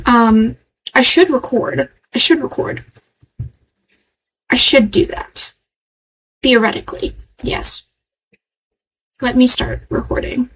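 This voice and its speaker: A woman's voice: a little high, slow pace, pauses often, a bit bright, breathy edge, low-quality recording. A woman streamer chatting playfully through a let's play in a put-on American Southern drawl, talking to herself as she goes. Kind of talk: casual let's-play chat.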